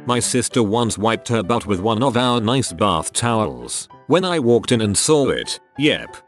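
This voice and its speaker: A man narrating funny online stories in a scripted storytelling style, with an expressive, comic delivery. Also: fairly low pitch, a little slow, soft background music. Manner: lively, expressive reading with comic emphasis.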